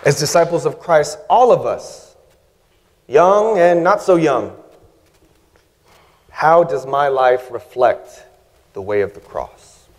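Slow, deliberate male guest preacher. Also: on the high side, expressive. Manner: measured, humorous, emphatic pauses. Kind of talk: sermon. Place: church sanctuary. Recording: reverberant church hall.

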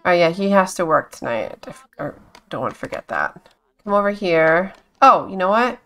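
A woman's voice: fairly low pitch, animated, moderate pace, a bit bright. A woman giving casual gameplay commentary, chatting to her game characters, exclaiming and giggling often. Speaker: gameplay streamer.

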